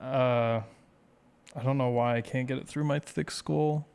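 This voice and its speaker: A man hosting a live speedrun stream, reading viewer comments aloud and answering them casually. He rambles and teases himself. His voice comes through smooth and clear, sitting at a plain mid pitch. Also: steady tone, unhurried, a little mellow. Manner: rambling, self-deprecating, reads chat aloud.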